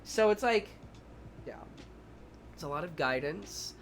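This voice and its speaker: A young man whose voice runs on the high side talks a bit slowly over slight background noise. He's a streamer who teaches preschool, animatedly recounting stories for viewers, acting out his lines and the kids', and cursing freely.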